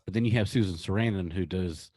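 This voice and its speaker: A man with a mild North Carolina accent co-hosting a podcast, chatting casually in a relaxed, rambling way. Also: low voice, fast, dry recording. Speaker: podcast co-host. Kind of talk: casual chat.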